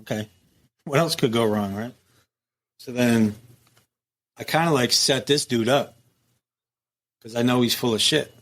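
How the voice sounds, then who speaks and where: A man's voice: mid-range voice, a little slow, pauses often. A middle-aged man, a former prison captain, telling war stories in a casual interview, swearing freely and acting out the dialogue. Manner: animated, profane, acts out quoted dialogue.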